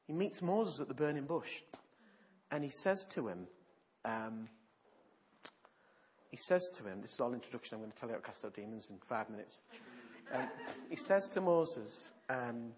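A preacher delivering an animated sermon, retelling stories with gasps and shifts in loudness. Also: male voice, mid-range voice, dull audio.

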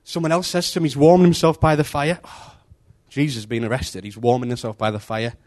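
This male preacher speaks fairly quickly in a medium pitch, delivering an informal devotional talk as a lively story. He keeps it conversational and acts out the story voices.

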